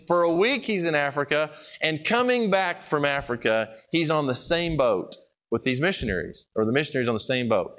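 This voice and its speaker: A male preacher delivers a sermon full of stories. His voice sits a little high. He builds to emphatic peaks, then sinks into hushed, low asides. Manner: storytelling preacher, swings between loud emphatic peaks and hushed low passages.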